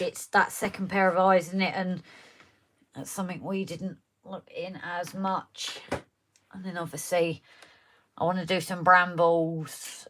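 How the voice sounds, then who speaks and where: A woman's voice: lowish voice, a bit bright. A woman co-hosting a live model railway stream, chatting casually and muttering to herself as she works. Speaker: model railway channel co-host.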